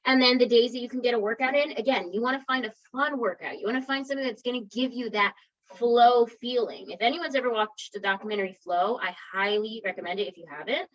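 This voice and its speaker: A woman wellness coach gives a conversational, motivational talk to an online group, encouraging them and frequently checking in with listeners. She has a fairly high voice and talks fast, on a lo-fi recording.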